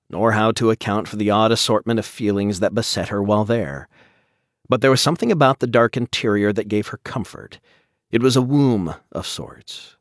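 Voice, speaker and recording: A man reading a novel aloud as narrator, with measured, even storytelling. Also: fairly low pitch, dry recording, studio quality. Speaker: audiobook narrator. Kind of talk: scripted narration.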